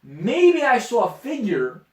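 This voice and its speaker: Male podcast co-host, casual profane storyteller, very animated delivery, echoey room. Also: very high voice, slow pace. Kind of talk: casual chat. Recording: echoey room, mic at a distance.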